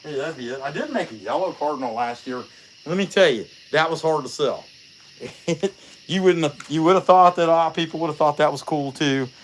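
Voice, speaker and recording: His voice leans high and moves at a normal speed, with a bit of background noise behind it. He's a chainsaw carver running a livestream, chatting in a relaxed, rambling way full of jokes and fillers, with animated storytelling throughout.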